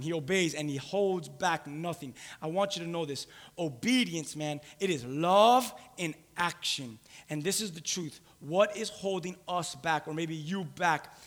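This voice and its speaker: A man preaching a sermon, emphatic and repeating key phrases for weight. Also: fairly high pitch. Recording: long hall reverb.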